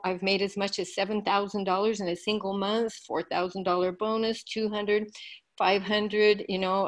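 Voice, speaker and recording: Older woman telling an eager testimonial. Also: medium pitch. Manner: enthusiastic, storytelling. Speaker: guest sharing a testimonial. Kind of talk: personal testimonial.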